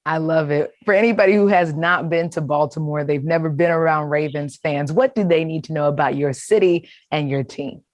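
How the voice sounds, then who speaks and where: A woman with a low-pitched voice hosts an interview, asking playful questions in an upbeat manner and laughing readily. The recording is dry.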